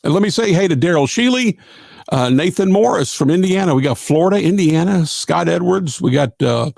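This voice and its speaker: A man's voice: on the high side, animated, fairly quick, gravelly, darkish tone, no room sound. A middle-aged man, hosting a live gospel radio show in a folksy, rambling way with lots of fillers. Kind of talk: casual live-stream chat.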